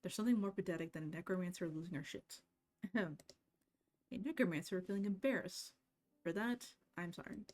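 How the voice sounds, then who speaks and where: A woman's voice: fairly low pitch, brisk, a little mellow, natural voice. A woman reading the lines of a blunt old witch necromancer in a game, talking in a brash, threatening way. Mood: gruff. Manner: brash, threatening then gruffly apologetic. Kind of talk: reading game dialogue aloud.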